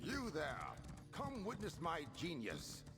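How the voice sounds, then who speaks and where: A man's voice: fairly high pitch, huge pitch swings, slow, music in the background, heavily acted. An actor playing a boastful male alchemist in a game, showing off his invention with grand delivery.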